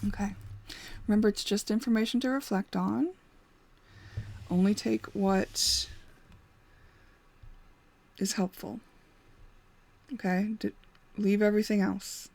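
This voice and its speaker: A woman's voice: mid-range voice, fairly even intonation, slow pace, gravelly, pauses often, a little mellow. A woman hosting an intuitive reflection reading, giving candid, rambling advice with frequent laughs and fillers. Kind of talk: casual spoken advice.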